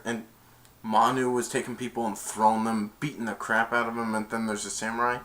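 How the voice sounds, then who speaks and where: A man's voice: lowish voice, little pitch movement, fairly quick, a bit bright. A young man casually retelling a movie scene as a reviewer, rambling and stringing events together with "and then". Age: young adult.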